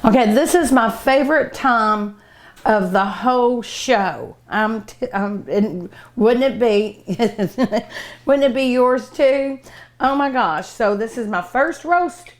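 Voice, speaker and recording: Unhurried middle-aged woman, cooking show host, tasting and humming. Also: a little high. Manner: savoring food aloud with many hums.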